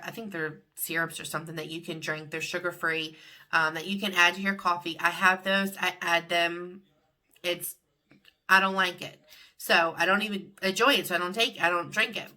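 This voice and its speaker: Casual middle-aged woman vlogger, rambling, bright and a bit low-pitched. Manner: chatty, rambling, lots of "like". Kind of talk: casual confessional vlog.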